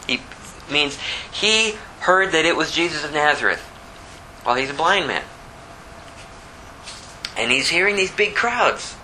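A man preaching a sermon with fervent, animated delivery that builds toward near shouting. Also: fairly high pitch, a little slow, pauses often, a little hiss or hum, rough recording.

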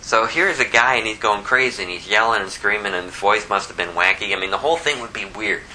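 A man preaching an expository Bible sermon in an animated way, reading scripture aloud and swinging from hushed asides to loud, emphatic bursts. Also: lowish voice, fast, a little hiss or hum, low-quality recording. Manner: reads scripture aloud in King James wording. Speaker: pastor.

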